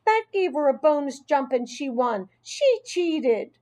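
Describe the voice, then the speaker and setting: A woman voicing an upset young schoolgirl who shouts accusations through tears, in a storybook reading. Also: very animated, unhurried. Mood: accusing, tearful. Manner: shouting, high and shrill.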